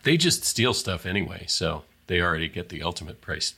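Very deep, husky man with dry quips. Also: expressive, brisk, sharp tone. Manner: dry one-line quips. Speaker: podcast panelist.

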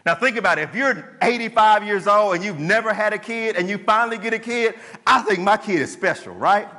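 A man preaching a sermon as pastor, animated, acting out the voices of people in his story. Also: high voice, a little fast. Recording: long hall reverb.

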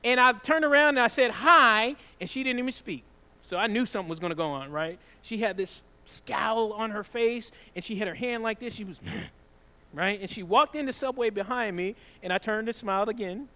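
A man from the Southern United States preaching a sermon, emphatic, drawing out scripture slowly and often adding "right?". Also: high-pitched, animated, pushed and bright, smooth. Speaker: pastor.

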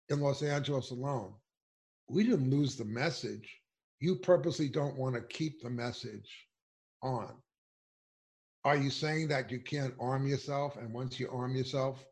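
Indignant, emphatic man speaking out. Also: medium pitch. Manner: emphatic, indignant, rhetorical questions. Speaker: political speaker. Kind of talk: impassioned political commentary.

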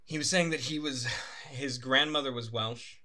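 A man's voice: medium pitch, moderate pace, bright, forceful tone. A young man co-hosting a podcast in casual chat, rambling and laughing often, swearing now and then. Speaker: podcast co-host. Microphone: desk microphone.

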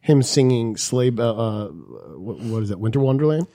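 A man's voice: medium pitch, normal speed, mellow. A man co-hosting a casual podcast, joking around and slipping into silly impressions. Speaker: podcast co-host.

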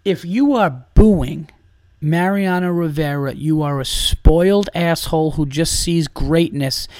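A man's voice: on the high side, measured pace, darkish tone, dry recording, clean studio sound. Profane ranting New man. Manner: profane, heated, emphatic ranting. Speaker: podcast host and comedian. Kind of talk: ranting comedy podcast monologue.

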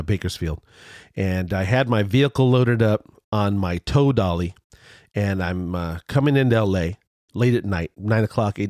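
Rambling, animated man telling a story. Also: no room sound, studio quality. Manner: rambling with frequent restarts and fillers; animated, jumps higher when excited. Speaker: vlogger telling a road story. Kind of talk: casual storytelling.

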